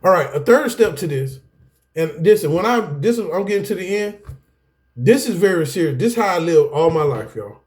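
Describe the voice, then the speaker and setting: A middle-aged man, teaching an anger management class through his own life story. He talks in an animated, preacherly way, addressing the room as "y'all.". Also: sits high, normal speed. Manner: animated, preacherly, repeats "guess what" and "y'all". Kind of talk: personal testimony lecture.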